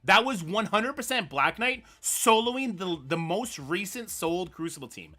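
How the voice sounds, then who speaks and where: Excitable high-voiced male game streamer. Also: a little slow, hardly any pauses, soft background music. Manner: excitable, swearing rants at the game; mutters strategy half to himself. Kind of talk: live gameplay commentary.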